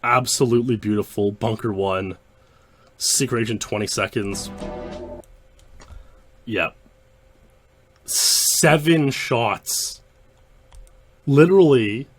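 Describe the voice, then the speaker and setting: A man's voice: medium pitch, slightly rough. A young man hosting a speedrun history show, giving loose, rambling commentary over gameplay with lots of fillers and restarts.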